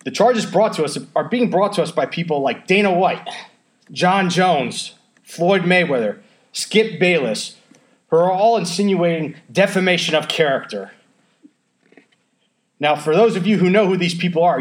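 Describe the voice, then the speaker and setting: Male podcast host, playful and theatrical, voice a little high. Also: lively intonation, moderate pace. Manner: playful, theatrical mock-lawyer delivery. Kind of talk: mock courtroom speech, then casual podcast chat.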